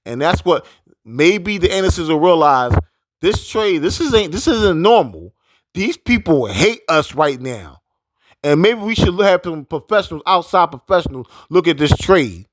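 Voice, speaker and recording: Male sports commentator, fairly high voice, repetitive and emphatic rant, dry close sound. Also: sing-song, normal speed, dry recording. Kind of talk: casual sports opinion rant.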